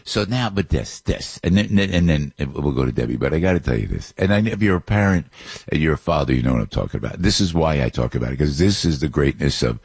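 A man's voice: rumbling low, animated, fast talker, a little mellow, slightly rough, no room sound, studio quality. A man, host of a show, telling a rambling, emotional story about his family with many restarts. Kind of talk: casual storytelling monologue.

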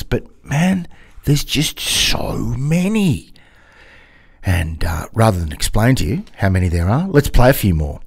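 Gravelly low-voiced radio host. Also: male voice, a little mellow, no echo, clean studio sound. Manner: rambling, chatty and self-mocking. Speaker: radio music show host. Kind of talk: casual music radio presenting.

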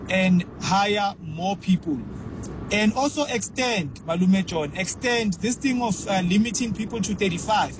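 A South African man in an earnest voice note to a radio show, restarting his sentences as he argues his point. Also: sits high. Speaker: caller leaving a voice note. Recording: phone voice note with street traffic.

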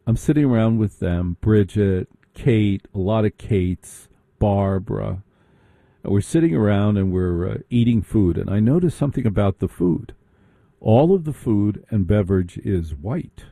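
A man with a deep, very mellow voice tells a comic story with sarcastic, mocking asides. His delivery is animated, and the recording sounds dry and close. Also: a little slow, creaky, dry recording.

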